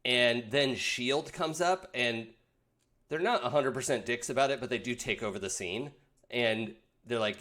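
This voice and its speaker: Halting male game master. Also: mid-range voice, pushed and bright. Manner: halting, with many fillers and laughs. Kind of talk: narrating a tabletop role-playing game.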